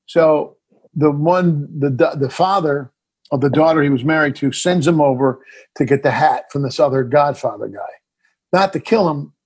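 A man's voice: on the high side, normal speed, husky. A middle-aged man, a filmmaker guest in a casual interview, telling a story animatedly and acting out the scenes.

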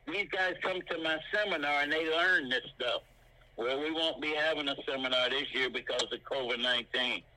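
Bright, punchy older man instructor. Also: normal speed, low-quality recording. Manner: punchy, with sound effects like boom and bam. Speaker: martial arts instructor. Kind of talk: animated teaching talk.

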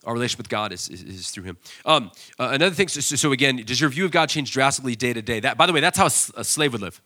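A man preaching a sermon as pastor, telling stories in an animated way with loud, excited bursts when he acts out scenes. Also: mid-range voice, rapid-fire.

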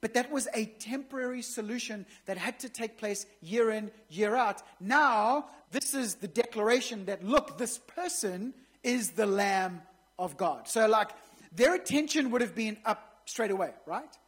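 A woman's voice: on the high side, lively intonation, unhurried, husky. A woman pastor preaching a sermon in a conversational way, with joking asides to the congregation.

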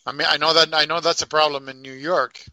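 A man in a casual chat, speaking thoughtfully and haltingly, with fillers. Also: a little high, flat delivery, bright, forceful tone, no echo, rough recording.

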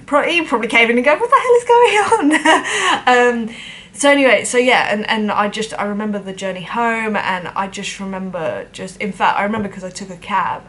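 A woman's voice: medium pitch, animated, a little fast, a bit bright. Chatty self-deprecating woman. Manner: chatty, self-deprecating, acts out the voices of others. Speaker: drummer telling a personal story. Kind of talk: casual storytelling to camera.

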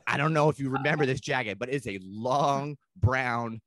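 A man who is a comedian guest on a podcast, telling a long comic story in a rambling, profane way and slipping into quick put-on voices. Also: medium pitch, fairly bright tone, no room sound.

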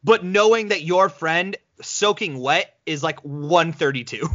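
A man's voice: on the high side, measured pace, no room sound, muffled recording. A man co-hosting a podcast in casual chat, telling stories animatedly and slipping into voices. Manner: animated storyteller, slips into voices. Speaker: podcast co-host.

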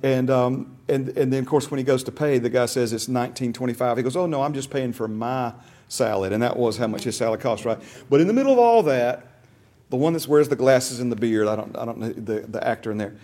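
A man's voice: mid-range voice, fast talker, warm tone. A man teaching a Bible class in a casual way, often repeating words and quizzing his listeners.

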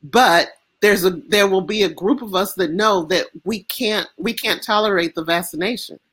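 An American woman speaking as an interview guest, impassioned and emphatic, with halting restarts. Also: medium pitch, fairly bright tone, husky. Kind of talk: emotional interview conversation.

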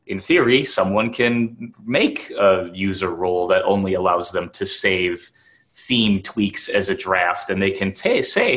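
A man's voice: lowish voice, lively intonation, a little slow, fairly bright tone. A man from Wisconsin co-hosting a podcast, chatting casually with lots of "like". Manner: chatty, peppered with "like". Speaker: podcast co-host. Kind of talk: casual chat.

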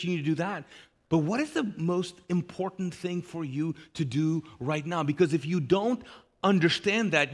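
A man preaching a sermon live in a large church, lively and acting out the people he quotes. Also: a little high. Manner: animated, acts out quoted people. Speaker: pastor. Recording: live church hall reverb.

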